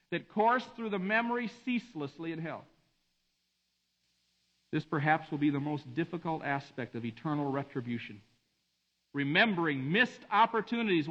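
Male preacher, high voice, dramatic hushed-to-emphatic sermon style, muffled lo-fi sound. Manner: dramatic swings between hushed and emphatic delivery. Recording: dull lo-fi recording.

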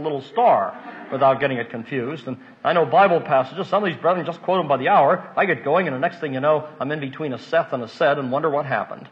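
Older man, preaching, folksy and emotional, hushed then loud, lively swinging voice, muffled old recording. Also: on the high side. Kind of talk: sermon. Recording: dull lo-fi recording.

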